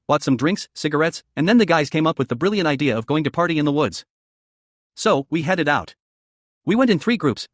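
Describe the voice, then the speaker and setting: Animated man telling a story. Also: on the high side, no echo, studio quality. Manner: conversational, peppered with "man" and swearing. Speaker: narrator. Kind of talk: casual first-person storytelling.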